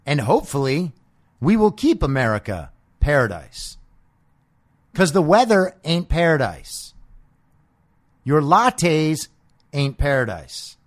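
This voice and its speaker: A man's voice: on the high side, very animated, slow pace, long pauses. A man hosting a podcast, delivering a combative, sarcastic political monologue peppered with profanity. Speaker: podcast host.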